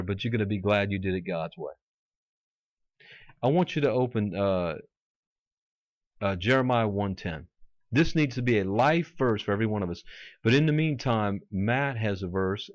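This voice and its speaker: A man's voice: fairly low pitch, no room sound, muffled recording. Fervent male preacher, dry sound. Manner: fervent, quoting scripture in mock voices. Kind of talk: sermon.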